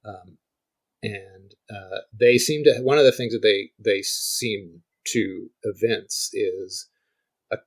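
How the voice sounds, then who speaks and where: A middle-aged man, a guest scholar, talks through ancient music in conversation with a lowish, slow voice on a rough recording. He thinks aloud, keeps restarting his sentences, and demonstrates points on guitar.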